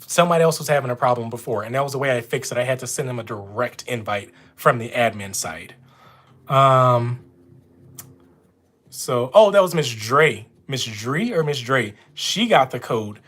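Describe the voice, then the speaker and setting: A man's voice: mid-range voice, moderate pace, a bit bright. A man with a Louisiana accent, chatting casually with viewers on a live stream from home. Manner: chatty, talks straight to viewers. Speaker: notary running a live stream. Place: at home with dogs nearby.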